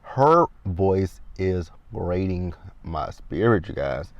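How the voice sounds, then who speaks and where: A man's voice: low voice, sing-song, slow pace, no room sound. A man in his thirties sitting in a car, recapping a TV episode in a chatty, rambling way and talking straight to his viewers. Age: 30s. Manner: chatty, talks straight to viewers as "you guys". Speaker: TV show recap vlogger. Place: inside a parked car. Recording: dull lo-fi recording, dry.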